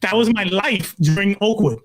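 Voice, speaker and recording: A man in his sixties from Brooklyn, a pastor telling his life story in an interview, emphatic and animated, leaning on "literally" and acting out his own quotes. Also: high voice, moderate pace. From Brooklyn, New York. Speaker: pastor, guest.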